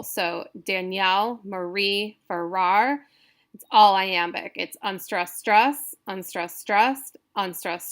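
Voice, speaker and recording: A woman instructor giving a recorded lecture, talking haltingly with many fillers and self-corrections. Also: mid-range voice, fairly bright tone.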